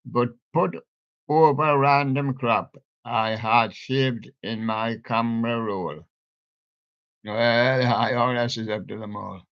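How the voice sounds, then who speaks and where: An older man hosts his live stream alone, in an unhurried, rambling way. He chuckles at his own puns and chats to the props around him. The audio is dull and lo-fi. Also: mid-range voice, a bit bright. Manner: chuckling, jokey wordplay, talks to his props.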